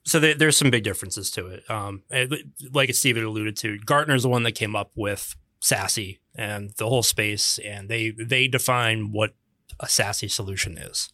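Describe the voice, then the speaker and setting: A man's voice: lowish voice, normal speed, bright, forceful tone, no echo. A man co-hosting a podcast, explaining technical topics in a casual, chatty way, with dry jokes and many restarts. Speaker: podcast co-host.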